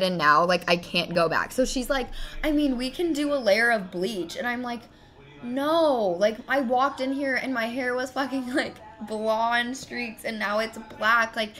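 A woman's voice: medium pitch, a little slow, a bit bright, faint music behind. Rambling, hurt young woman venting to her stream. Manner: rambling and venting, with many fillers and swearing; hurt and frustrated while telling a story. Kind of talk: casual chat.

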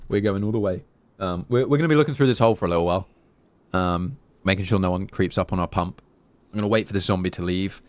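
A man's voice: deep voice, fast talker, no room sound. A young English man streaming a survival game, chatting casually, swearing freely and thanking donors by name. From England. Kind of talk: live gameplay commentary.

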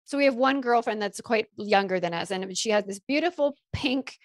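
A woman in her thirties talks frankly and with lots of animation in a casual podcast chat, slipping into acted-out quotes with gasps. Her voice sits fairly high, and the sound is close and dry. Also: moderate pace, no room sound. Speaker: podcast guest.

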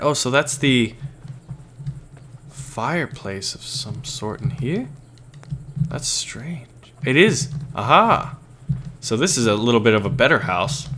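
A man's voice: mid-range voice, a bit bright. A man with a scratchy voice, giving joking, casual commentary on a game as he plays. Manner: playful, jokey, casual. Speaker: gaming channel host. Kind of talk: let's play commentary.

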